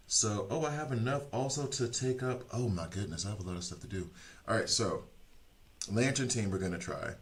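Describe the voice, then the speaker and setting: A man's voice: low voice, lively intonation, normal speed, long pauses. A young man streaming, chatting casually with viewers in a rambling, self-deprecating way, full of fillers and restarts.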